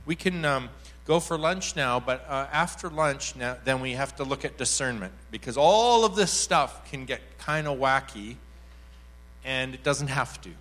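A man's voice: mid-range voice, a little slow, a bit bright. A man speaking at a church workshop, telling an anecdote and acting out the quoted voices with animation. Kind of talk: teaching talk with acted anecdote.

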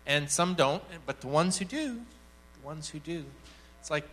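Male church speaker, lively storyteller, acts out the voices, bright and forceful tone, slightly higher pitch. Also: normal speed. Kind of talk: teaching talk with acted anecdote.

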